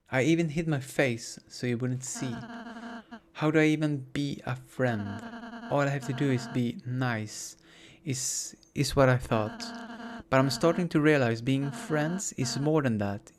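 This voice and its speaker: A man voicing a shy, stammering young woman. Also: medium pitch. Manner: hesitant, stammering, gentle. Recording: game music behind.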